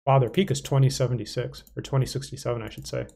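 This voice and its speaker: Young male chess streamer, gravelly mid voice, loose self-talk while playing. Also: mid-range voice, steady tone, fast, warm tone. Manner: casual, self-talking, playful asides and mumbles. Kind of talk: thinking aloud while playing online chess.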